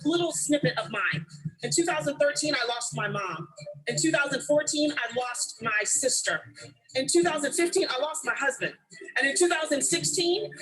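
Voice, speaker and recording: A woman's voice: sits high, a bit bright, slightly rough, low-quality recording. A woman giving a motivational stage speech, talking emphatically and directly to the audience. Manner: emphatic, direct address to the crowd. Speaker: motivational speaker.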